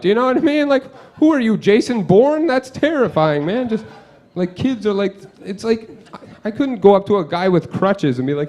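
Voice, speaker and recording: A young man doing a stand-up set in a comedy club, rambling and self-deprecating, with lots of "like" and quick asides to the crowd. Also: high-pitched, expressive, darkish tone. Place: comedy club with live audience.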